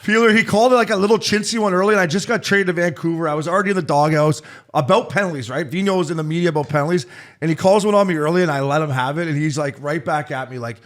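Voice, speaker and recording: Fast-talking, high-voiced man telling hockey stories. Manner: animated storyteller, swears freely, quotes others in their voices. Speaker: former hockey player, podcast co-host. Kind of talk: casual podcast chat, storytelling.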